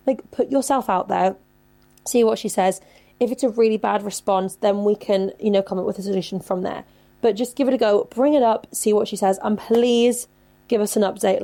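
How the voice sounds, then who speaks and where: Woman in her 20s chatting on her podcast, lots of "like", kinda croaky. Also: fairly high pitch, dark tone. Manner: chatty, swears freely, says "like" a lot. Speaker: podcast host. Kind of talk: casual advice chat.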